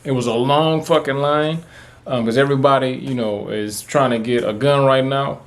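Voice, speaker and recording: A man's voice: medium pitch, fairly even intonation, normal speed. A man, talking to camera in a casual, rambling, profane way, full of fillers. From Texas. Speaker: vlogger. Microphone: camera mic, talking to camera.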